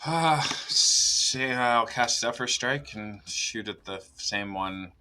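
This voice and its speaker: A man playing a tabletop game, working through his damage rolls out loud. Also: mid-range voice, slow pace, smooth. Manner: working through dice math aloud. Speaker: player. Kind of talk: casual game table talk.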